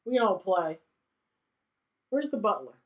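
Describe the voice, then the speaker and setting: A woman's voice: mid-range voice, muffled recording. A woman giving casual let's-play commentary on a life-sim game, laughing often and briefly voicing the characters. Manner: giggly, animated, voices characters in quick asides. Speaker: gaming YouTuber.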